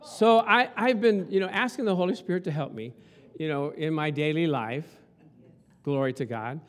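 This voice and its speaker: A man's voice: fairly high pitch, moderate pace. A man preaching a sermon as pastor, telling stories and acting out quotes with lots of passion. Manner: animated, storytelling with acted-out quotes.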